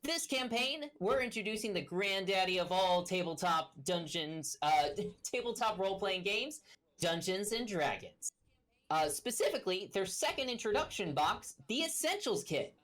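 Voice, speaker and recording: A woman's voice: medium pitch, animated, moderate pace, a bit bright. A woman hosting a tabletop game stream as game master, rambling with many fillers and restarts. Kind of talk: casual stream talk.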